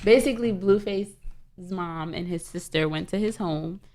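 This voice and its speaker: Woman, lowish voice, blunt, opinionated, casual podcast chat. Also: measured pace, dark tone, a little hiss or hum. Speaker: podcast co-host.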